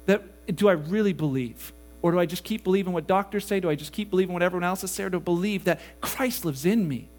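Guy preaching, really high voice, animated, acts out little bits of dialogue. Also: fast talker. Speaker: pastor. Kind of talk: sermon.

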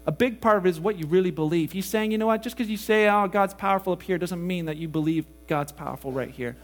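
Guy preaching, really high voice, animated, acts out little bits of dialogue. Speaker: pastor. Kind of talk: sermon.

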